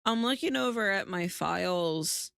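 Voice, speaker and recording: A woman's voice: medium pitch, expressive, unhurried, vocal fry, fairly bright tone, clear, resonant tone, no room sound, clean studio sound. Drowsy, swearing woman streamer. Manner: chatty, swears freely, laughs often. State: sleepy, yawning. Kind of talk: casual chat.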